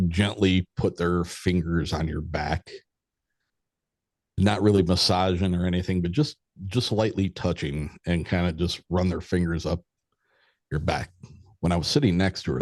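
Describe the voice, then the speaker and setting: Guy with a real low voice telling a story on a podcast, swears a lot, dry close sound. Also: fairly even intonation, normal speed, darkish tone, no room sound. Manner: candid, swears freely, quotes people in conversation. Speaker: podcast guest. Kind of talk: casual spoken storytelling.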